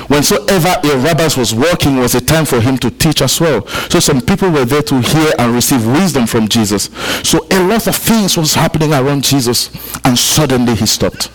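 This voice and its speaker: A pastor from Africa addresses his congregation at a church service, stressing key ideas by repeating them and engaging listeners in conversation. He speaks at medium pitch, and the recording is rough.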